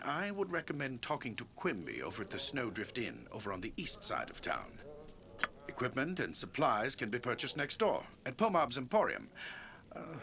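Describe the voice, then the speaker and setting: An actor playing a formal, protective town leader in a game, speaking with commanding, measured words. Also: male voice, medium pitch, creaky, sharp tone, exaggerated voice. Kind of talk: game voice acting.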